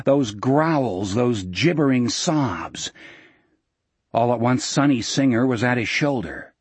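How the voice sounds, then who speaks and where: Husky male narrator, measured audiobook read, dry close sound. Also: mid-range voice, expressive, no room sound. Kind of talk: scripted narration.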